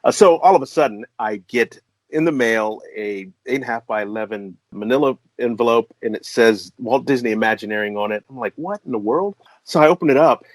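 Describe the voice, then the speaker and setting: A middle-aged man from the American Midwest, a composer and voice artist telling a story as an interview guest, excitable and laughing often. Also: fairly quick, no echo. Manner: excitable, laughs often, jumps to high pitch when excited. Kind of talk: animated storytelling in conversation.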